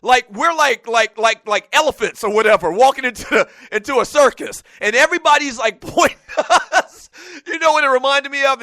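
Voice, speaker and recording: High, bright-voiced sports radio host. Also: male voice, fairly quick, no room sound, studio quality. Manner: loose, animated, self-promoting plugs. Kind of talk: casual storytelling talk show.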